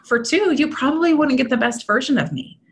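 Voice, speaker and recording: A woman's voice: high-pitched, animated, a little fast, a little hiss or hum. A woman in her thirties, a mentor and podcast guest, explaining in an upbeat, chatty way and often checking in with "right?". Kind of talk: podcast conversation.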